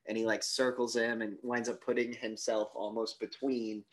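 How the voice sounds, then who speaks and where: A young man co-hosting a casual podcast movie review, retelling the plot with animated quotes of the characters. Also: lowish voice, normal speed, poor audio. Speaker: podcast co-host.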